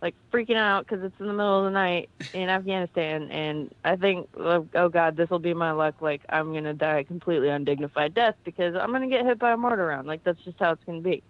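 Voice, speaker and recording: Woman, army veteran, podcast guest, animated storyteller, dry close sound, dull lo-fi audio. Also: fast, hardly any pauses, dry recording. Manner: animated storyteller, quotes herself in a high yelp. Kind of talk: casual anecdote on a podcast.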